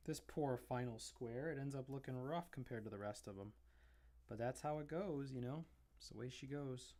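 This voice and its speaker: A man's voice: mid-range voice, moderate pace, dark tone. A man live-streaming his drawing, rambling casually and chatting fondly to his cat between remarks about the work.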